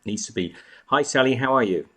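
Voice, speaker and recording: A man's voice: medium pitch, lively intonation, brisk, sharp tone, slightly rough. A man hosting a casual live chat from home, greeting viewers by name and snacking as he talks. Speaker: live stream host.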